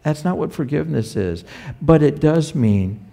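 A man's voice: a little high, lively intonation, normal speed, creaky, mellow. A man preaching a sermon as a pastor, talking conversationally and putting rhetorical questions to the congregation.

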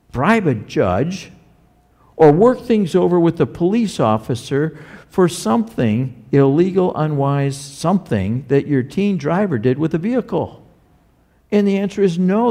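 A man's voice: sits high, gravelly, dark tone. A man preaching a sermon as a pastor, talking conversationally and putting rhetorical questions to the congregation.

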